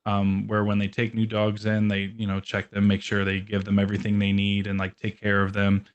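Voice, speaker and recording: A man's voice: on the low side, monotone, fairly quick, clear, resonant tone, highs cut off. A young man chatting casually on a podcast, loose and rambling, full of "like" fillers, laughing easily. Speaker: guest, metal band musician and dog owner.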